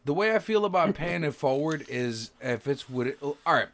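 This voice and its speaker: A man's voice: fairly high pitch, expressive, moderate pace, a bit bright. A man hosting a casual podcast, joking around loosely with his guests. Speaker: podcast host.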